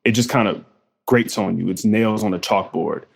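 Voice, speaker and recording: A man on a film podcast giving a measured, reserved opinion of a movie. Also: lowish voice, creaky, slightly rough. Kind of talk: casual film discussion.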